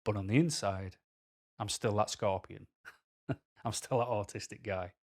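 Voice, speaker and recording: A man's voice: lowish voice, unhurried, darkish tone. A man with a Mancunian accent talking candidly to camera as a vlogger, rambling through personal stories with tangents.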